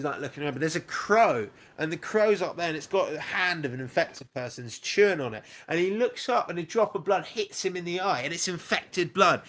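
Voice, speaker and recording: A young man recapping a film for his co-hosts in loose, profane pub-chat style. He tells it in a rush, dropping in shouted cries and bits of dialogue as he goes. His voice sits a little on the high side. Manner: sweary, animated retelling with little sound effects. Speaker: podcast co-host.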